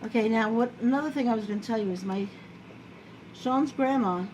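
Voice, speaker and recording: A woman's voice: on the high side, brisk, darkish tone, poor audio. Chatty woman with a New York accent. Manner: chatty, rambling, self-deprecating. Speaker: home cook vlogger. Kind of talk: casual cooking chat to camera. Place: home kitchen. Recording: home video with clear background noise.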